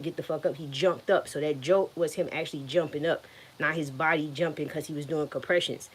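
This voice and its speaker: A woman with a notably low voice tells a personal story in a blunt, animated way. Her speech is profane and direct, and she relives the moment as she talks. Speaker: guest telling her story.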